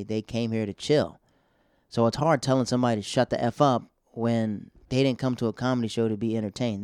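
A man's voice: mid-range voice, a little mellow, no echo, clean studio sound. A man in his thirties, a stand-up comedian, telling stories in a loose, slangy, rambling way with many fillers. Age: 30s. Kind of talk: casual storytelling monologue.

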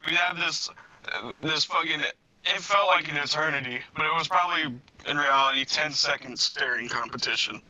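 A young man co-hosting a podcast, telling a story in casual chat with blunt, deadpan, profane delivery. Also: fairly high pitch, normal speed, no room sound, poor audio. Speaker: podcast co-host.

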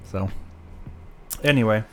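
A man co-hosting a casual live-streamed podcast, relaxed and dryly teasing. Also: lowish voice, slow pace, over music. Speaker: podcast co-host.

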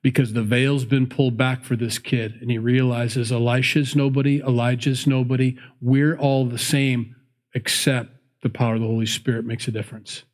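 A man's voice: medium pitch, little pitch movement, moderate pace. A man teaching through a Bible passage in a conversational sermon, laughing often and acting out the people in the story. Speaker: pastor.

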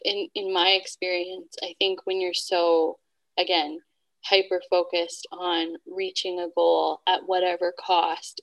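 A woman with a fairly low voice talks candidly on a podcast. She thinks aloud in a reflective way, picking up and extending her co-host's points. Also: fairly bright tone, low-quality recording. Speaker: podcast co-host.

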